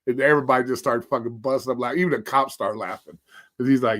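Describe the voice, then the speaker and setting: A man's voice: mid-range voice, quick pace. Profane man telling wild stories. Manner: profane, animated storyteller. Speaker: host. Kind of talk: casual storytelling chat. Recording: livestream call audio.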